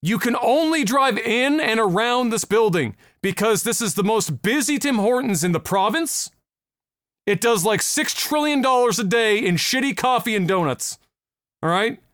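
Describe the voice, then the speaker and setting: A foul-mouthed man holds forth on a casual podcast. His voice sits high and climbs higher as he gets worked up. The close mic leaves the sound dry, with no room around it. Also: animated, moderate pace, no room sound. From Nova Scotia, Canada. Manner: profane, ranting, loud when worked up. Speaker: podcast co-host.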